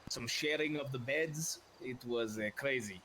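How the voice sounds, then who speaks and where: A man's voice: mid-range voice, measured pace, sharp tone, slight background noise. A man talking hesitantly and coyly in in-character role-play, often trailing off.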